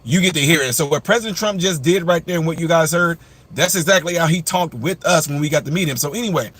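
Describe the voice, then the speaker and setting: A man's voice: on the high side, fast talker, a bit bright. Chatty male live-stream commentator. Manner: chatty, addresses viewers directly, rants animatedly. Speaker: commentator and channel host.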